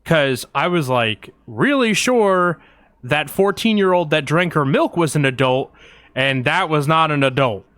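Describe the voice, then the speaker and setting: A man's voice: a little high, animated, a little slow, a bit bright, dry recording. A man co-hosting a podcast, telling a long, rambling anecdote in casual chat with lots of fillers, recorded on a close mic. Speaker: podcast co-host.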